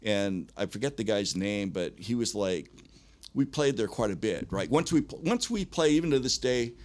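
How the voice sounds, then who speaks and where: Animated middle-aged man telling stories. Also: fairly low pitch, moderate pace. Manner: animated, profane, laughs often. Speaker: podcast guest, punk band frontman. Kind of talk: casual storytelling.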